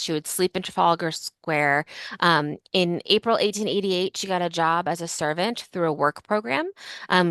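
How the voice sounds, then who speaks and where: A woman's voice: fairly low pitch, a bit bright, clean tone, no echo, studio quality. A woman hosting a casual history podcast, telling a story in a chatty way full of fillers like "like" and "um". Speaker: podcast host.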